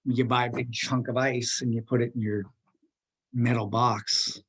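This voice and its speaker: A man's voice: mid-range voice, little pitch movement, measured pace, breathy edge. A man teaching a class in a casual, rambling way, joking with his students and using lots of fillers.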